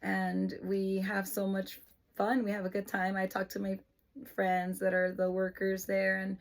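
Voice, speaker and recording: Mom in her 40s-ish talking slow and heartfelt, kinda emotional, breaks into peppy bits. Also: mid-range voice, vocal fry. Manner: emotional, earnest, lapses into excited praise voice. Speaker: mother of an autistic son. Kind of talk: casual explanatory vlog.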